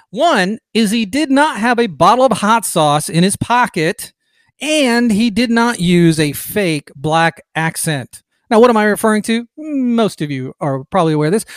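A man's voice: a little high, dry recording. Chatty, opinionated podcast man, dry sound. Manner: chatty, digressive, emphatic. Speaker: podcast host. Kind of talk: opinionated political podcast commentary.

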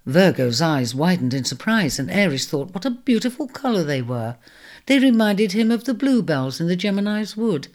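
A woman narrating a storybook in a measured, expressive reading. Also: on the low side.

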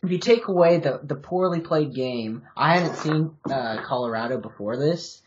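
A man's voice: a little high, normal speed, a little mellow. A man co-hosting a podcast, arguing his college football picks in a hesitant, filler-heavy way. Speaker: podcast co-host. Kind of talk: casual sports-betting chat. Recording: dull, muffled podcast audio.

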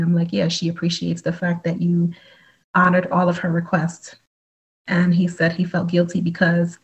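A woman guest in an interview telling stories in a lively way, acting out the dialogue as she goes. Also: lowish voice, slightly rough, highs cut off. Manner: animated, acts out dialogue in storytelling. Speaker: guest, psychic medium. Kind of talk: conversational storytelling.

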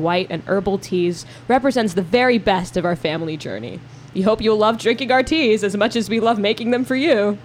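A woman's voice: mid-range voice, a little hiss or hum. Giggly young woman podcast host. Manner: giggly, bubbly, laughs often. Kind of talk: casual chat.

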